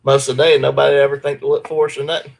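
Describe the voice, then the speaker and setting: A man's voice: mid-range voice, flat delivery, rapid-fire, creaky. A man, a guest in a casual chat, laid-back and dry.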